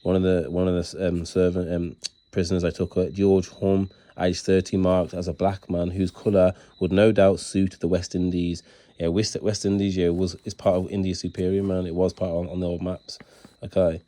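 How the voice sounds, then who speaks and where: A man talks to his followers in a deep, monotone voice with a very dark tone. He preaches insistently and keeps tagging his sentences with "man". He stumbles and restarts as he reads passages aloud from books. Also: normal speed. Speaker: self-styled religious speaker. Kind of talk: casual monologue to followers.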